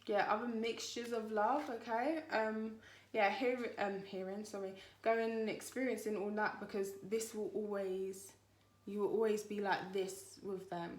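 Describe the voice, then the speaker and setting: A woman giving a spiritual tarot reading to her viewers in a chatty, rambling, reassuring way. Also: mid-range voice. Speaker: tarot reader. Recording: echoey room.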